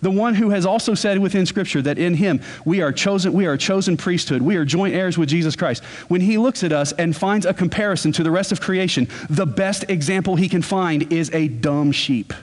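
A man preaching a sermon as pastor, earnest, and he slows down to stress key words. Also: sits high.

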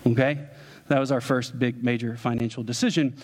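A man preaching to a congregation, telling a funny personal story in an animated, joking way and talking straight to the listeners. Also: medium pitch, brisk. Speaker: pastor. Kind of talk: storytelling sermon. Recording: long hall reverb.

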